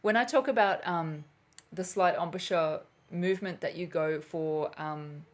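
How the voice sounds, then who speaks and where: A woman's voice: fairly low pitch, measured pace. A woman hosting a live flute lesson and Q&A, chatty and self-deprecating, laughing at herself as she loses her thread. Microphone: camera mic on a live stream.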